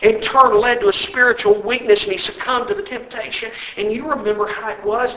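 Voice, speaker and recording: A man's voice: high-pitched, fairly even intonation, brisk, hardly any pauses, reverberant, a crowd in the background, rough recording. A male preacher delivering an emphatic sermon in a church, exhorting his listeners and repeating key words.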